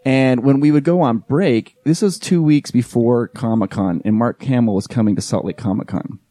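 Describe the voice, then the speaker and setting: A man's voice: medium pitch, normal speed, no echo. A man in his forties, a podcast guest and event emcee, telling a story in casual chat and acting out the lines of the people in it. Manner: animated storyteller who acts out quoted dialogue.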